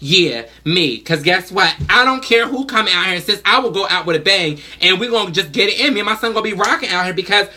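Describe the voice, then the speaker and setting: A woman telling a story to the camera in a casual vlog, talking in an animated, blunt and emphatic way. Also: medium pitch, fairly quick, few pauses. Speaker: vlogger, mother.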